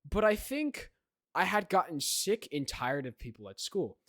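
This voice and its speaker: A man's voice: sits high, big pitch swings, measured pace, fairly bright tone, dry recording. Rambling young man with a dry voice. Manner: rambling, many restarts and "right?" tags. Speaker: podcast co-host. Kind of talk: casual chat.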